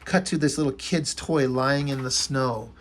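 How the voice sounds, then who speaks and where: A man's voice: mid-range voice, normal speed, a little hiss or hum. A man giving a casual, enthusiastic review of a comic book, rambling a little with fillers.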